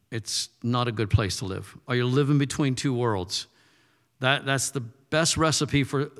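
A man's voice: medium pitch, a bit bright. A male pastor preaching a sermon in a loose, conversational way, often repeating words as he goes. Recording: reverberant hall.

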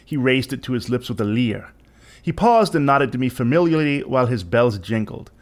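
Man, dramatic reading, theatrical, wide expressive pitch, mid voice. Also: moderate pace. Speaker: reader.

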